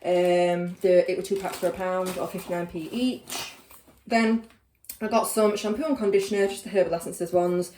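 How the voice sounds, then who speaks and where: A woman's voice: on the low side, flat delivery, normal speed, mellow, roomy sound, slight background noise. Chatty young woman vlogging. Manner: chatty, rambling with many fillers. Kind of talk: casual chat.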